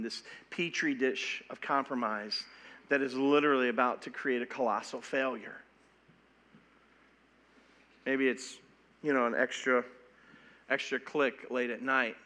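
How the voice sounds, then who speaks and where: Male pastor, sermon, bright ringing tone, animated, repeats words mid-sentence. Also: medium pitch, measured pace.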